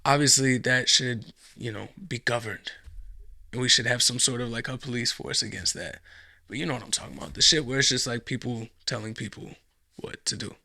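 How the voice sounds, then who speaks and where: A man's voice: medium pitch, brisk, creaky, sharp tone, dry recording, studio quality. A man hosting a casual podcast, rambling and swearing, with lots of fillers and restarts. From United States. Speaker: podcast host.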